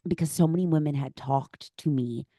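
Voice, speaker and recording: A woman with a notably low voice hosts a podcast conversation, gushing and openly emotional as she shares her own story. The sound is dry and close, with no room around it. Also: normal speed, dark tone, no room sound. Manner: effusive and emotional, gushing praise. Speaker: podcast host.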